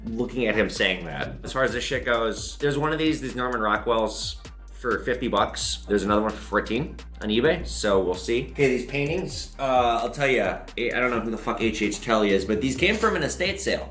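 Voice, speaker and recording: A man hosting from his pawn shop counter, who tells stories in a loose, profane and animated way. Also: medium pitch, a little fast, soft background music. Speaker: pawn shop owner and show host. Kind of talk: casual monologue to camera.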